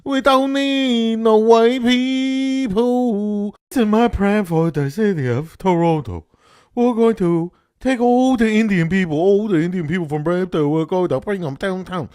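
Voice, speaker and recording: A man doing a halting parody woman politician. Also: high-pitched, a little mellow, smooth, no room sound, studio quality. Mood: mocking. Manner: halting, rambling, listing groups. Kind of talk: parody voiceover.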